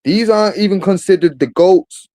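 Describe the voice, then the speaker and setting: A man holds forth in a casual football debate, pressing his point hard and peppering it with "bro". His voice sits a little high but comes out dark and mellow. The sound is dry and close. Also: normal speed, no room sound. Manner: emphatic, argumentative, says bro a lot. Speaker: football podcast host.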